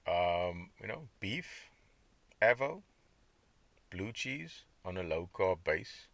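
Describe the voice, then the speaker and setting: A man's voice: sits low, very animated, slow, creaky, fairly bright tone, dry recording. A man hosting his own podcast, talking in a rambling, conversational way and reacting to chat comments. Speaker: podcast host. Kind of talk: casual diet podcast monologue.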